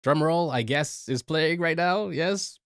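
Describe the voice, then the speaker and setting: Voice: medium pitch, measured pace, dry recording, studio quality. A co-host on a casual gaming podcast, playful and a little hesitant, laughing along.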